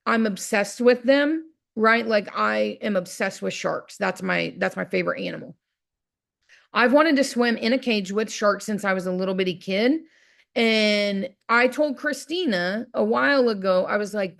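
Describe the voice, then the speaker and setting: A woman's voice: medium pitch, normal speed, creaky, a bit bright. A woman gives a motivational talk as one long personal story. She speaks casually and with energy, acting out her own inner voice and often checking in with the listener. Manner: chatty, keeps asking "right?".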